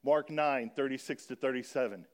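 A man of medium pitch tells a church congregation about a children's charity. He explains earnestly and takes his time reading scripture aloud.

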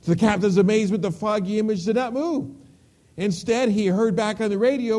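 A male preacher delivering a sermon, storytelling with emphasis and dropping to a hush on key words. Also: high-pitched, brisk.

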